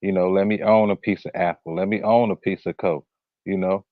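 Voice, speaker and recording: A man's voice: deep voice, fairly even intonation, a little fast, dry recording, narrow, tinny audio. A man in casual chat, mostly chiming in with short words of agreement. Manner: brief agreeing interjections.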